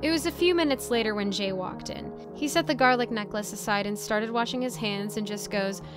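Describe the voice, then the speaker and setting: A woman's voice: medium pitch, a little fast, hardly any pauses. Chatty woman telling a creepy story over music. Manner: chatty and rambling, with asides and laughs. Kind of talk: casual first-person story narration. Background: soft background music.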